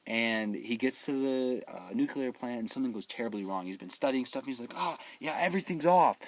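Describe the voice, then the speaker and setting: A man hosting his own show, giving an excitable, rambling, joking recap of a movie and acting out the characters' lines. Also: mid-range voice, fairly quick, dry recording. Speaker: movie reviewer, show host.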